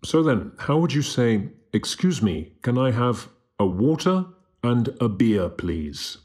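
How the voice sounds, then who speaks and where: A man giving a scripted language lesson who slowly and carefully demonstrates how to pronounce each word. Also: mid-range voice, sing-song, a little mellow. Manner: slow, careful demonstration of pronunciation. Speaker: language teacher.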